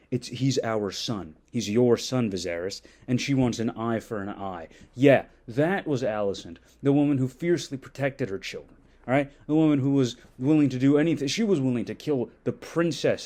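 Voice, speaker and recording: Guy going off on a sarcastic rant, swears a lot, warm low-key tone. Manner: mocking, exasperated, swears often. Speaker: video commentator. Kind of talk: sarcastic ranting commentary.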